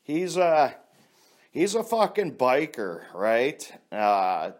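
A man speaking in a blunt, profane ranting monologue. He talks slowly, his voice rising and falling a lot, and he laughs at his own stories. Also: medium pitch, sing-song. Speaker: vlogger.

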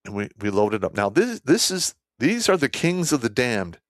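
An army veteran tells a war story in casual fashion, blunt and profane, swinging animatedly between loud outbursts and low asides. His close, dry sound has no room noise, and he keeps a moderate pace.

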